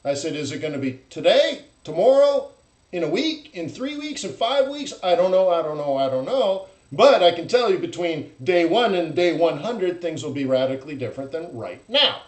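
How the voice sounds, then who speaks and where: A man hosting a live trading stream, talking bluntly and animatedly and mocking traders in loud put-on voices. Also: high-pitched, sing-song, moderate pace, reverberant, rough recording. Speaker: forex trading host. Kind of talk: live-stream market commentary.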